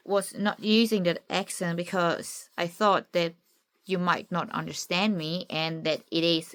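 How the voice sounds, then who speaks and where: A woman's voice: fairly low pitch, a bit bright. A German woman with a slight German accent in her English, talking candidly and searchingly in a personal vlog with frequent restarts. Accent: German-tinged English. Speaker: content creator.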